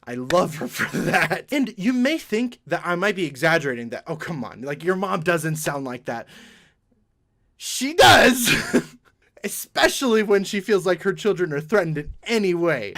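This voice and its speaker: A young man tells a childhood story in a lively, bright, fairly high voice. His pitch jumps around a lot, and he laughs often as he goes. It is a casual storytime vlog. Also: fairly quick, few pauses. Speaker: vlogger.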